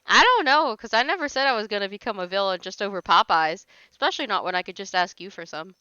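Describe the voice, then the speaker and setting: A woman's voice: medium pitch, expressive, fast talker, pushed and bright, clean tone, no echo, highs cut off. A woman hosting a casual livestream, chatting with viewers and teasing them playfully, laughing often. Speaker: livestream host.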